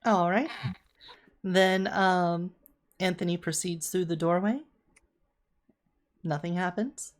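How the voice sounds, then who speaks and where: A woman narrating as game master of a tabletop game, relaxed and descriptive with fillers. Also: lowish voice, takes it slowly, long pauses.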